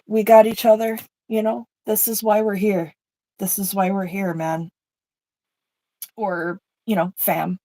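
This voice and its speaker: A woman's voice: medium pitch, gravelly, dark tone, dry recording, poor audio. A woman co-hosting an art stream over a video call, chatting casually and emotionally as she paints, swearing now and then. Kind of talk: casual chat while painting.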